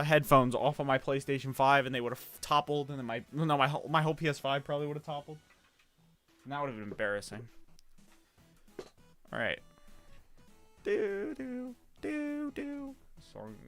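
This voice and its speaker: A man's voice: medium pitch, fairly bright tone. A young man streaming from home, rambling and swearing as he gets flustered and mocks himself. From United States. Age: young adult. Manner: rambling, swearing, easily flustered, self-mocking. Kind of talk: casual livestream chat while gaming.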